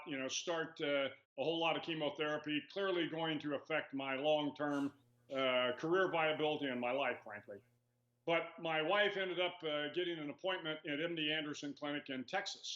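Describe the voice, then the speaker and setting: A man in his sixties, a retired admiral, answering interview questions in a measured storytelling way with many "uh"s and "you know"s. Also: fairly high pitch, sharp tone. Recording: echoey lo-fi remote audio.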